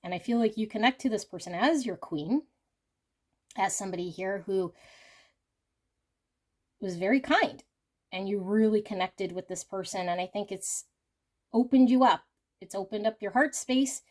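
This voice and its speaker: A woman doing an intuitive tarot reading for her viewers, earnest and emotional, often sinking to a hushed voice as she talks straight to them. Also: medium pitch, normal speed, long pauses. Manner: talks directly to viewers as "you guys". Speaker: tarot reader.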